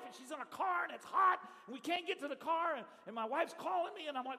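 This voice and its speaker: A middle-aged male pastor, telling stories in a sermon and swinging from hushed telling to loud shouting. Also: very high-pitched, quick pace, hardly any pauses. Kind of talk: storytelling sermon. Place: church sanctuary. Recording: live church hall reverb.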